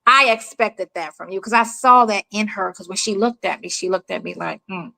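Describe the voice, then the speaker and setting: A woman's voice: mid-range voice, fairly quick, vocal fry, low-quality recording. A middle-aged woman from the United States chatting casually. She tells her stories with energy and acts out each person she quotes. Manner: animated storyteller, acts out quoted people. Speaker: mother telling stories. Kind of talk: casual chat.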